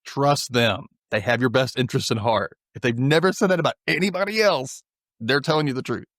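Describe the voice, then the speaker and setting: A man's voice: mid-range voice, fairly quick, no echo, studio quality. A man hosting a podcast, casually recapping a TV episode and briefly acting out the characters' lines as he tells it. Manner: animated, acts out characters' lines while retelling scenes.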